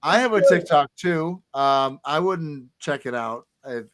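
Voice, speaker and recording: A man's voice: on the high side, unhurried, a bit bright, no echo. A man hosting a podcast, signing off in a loose, rambling way with lots of restarts. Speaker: podcast host. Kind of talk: casual chat.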